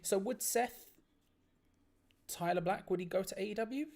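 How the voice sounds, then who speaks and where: Excitable man calling wrestling live. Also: sits high, normal speed, gravelly. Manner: excitable, laughs often, restarts phrases. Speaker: watch-along stream host. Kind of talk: live play-by-play reaction commentary.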